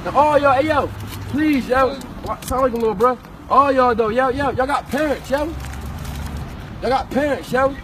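Urgent high-voiced man lecturing on the street. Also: normal speed, a bit bright. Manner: urgent, repetitive, slangy, peppered with "yo". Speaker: passerby addressing teenagers. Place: city street, outdoors. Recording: distant phone recording with street noise.

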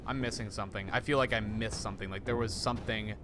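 A young man streaming a horror game, talking to his chat in an excitable, jumpy way with lots of swearing. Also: fairly low pitch, quick pace, background noise. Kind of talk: live gameplay commentary. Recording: voice over game music. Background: game music.

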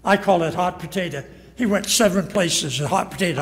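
A man's voice: high-pitched, fairly quick, in a large hall. A man preaching a sermon as pastor, emphatic and acting out quoted lines. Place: church sanctuary.

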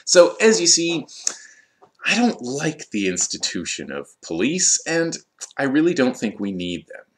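A man's voice: medium pitch, very animated, slight background noise. A man teaching English vocabulary, explaining words carefully with frequent fillers. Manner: slow, deliberate explanations with fillers. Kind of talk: vocabulary lesson.

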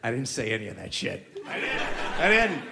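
A man's voice: mid-range voice, big pitch swings, fairly quick, gravelly. A man performing a stand-up comedy set, telling a story with punchy delivery and mocking voices, recorded live in a comedy club. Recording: live club recording with audience laughter and noise. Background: audience laughing.

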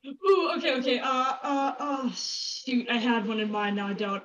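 A woman's voice: a little high, moderate pace, a bit bright, lo-fi sound. A woman co-hosting a let's play, chatting casually with a giggly, playful manner. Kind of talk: casual gaming chat.

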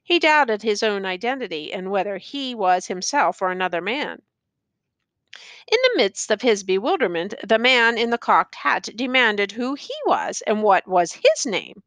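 A woman narrating a classic tale as an expressive audiobook reader. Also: mid-range voice, normal speed, no echo. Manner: expressive, storytelling.

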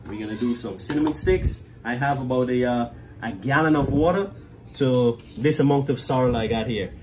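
A man's voice: mid-range voice, normal speed, noisy background. A man with a Guyanese accent, chatting casually through a cooking demonstration as a cafe owner and often tagging his sentences with "right?".

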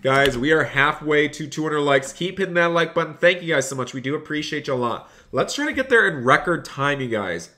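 A man's voice: on the high side, lively intonation, brisk, hardly any pauses, pushed and bright. Upbeat young man doing salesman patter. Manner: reads and thanks chat between lines. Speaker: streamer playing a phone store clerk. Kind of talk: live-streamed game role-play.

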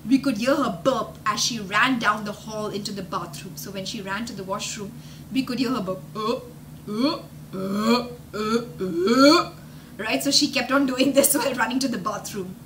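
A woman's voice: on the high side, fairly quick, a bit bright, slight background noise. A woman from India reading a story aloud as an English teacher, acting out the sounds and explaining words with synonyms. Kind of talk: animated storytelling lesson.

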